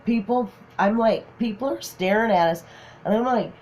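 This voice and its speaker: A middle-aged grandmother from Minnesota, USA, who hosts a crafting channel, chats casually while telling funny family stories. Her voice is fairly high, moderately paced and a little mellow, and she laughs often and acts out what people said.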